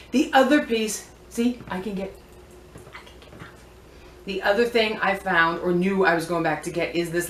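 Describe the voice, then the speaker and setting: A woman's voice: on the low side, a little hiss or hum. Chatty woman in an echoey room. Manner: chatty, playful, digressive. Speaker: vintage and antiques seller. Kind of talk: casual show-and-tell vlog.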